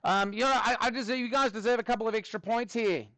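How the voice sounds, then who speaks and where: A man teaching a math lesson in a classroom, his voice pitched high and recorded close and dry. He is playful and jokey as he works through problems, now and then throwing in mock Australian slang. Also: fairly even intonation, quick pace, fairly bright tone, dry recording.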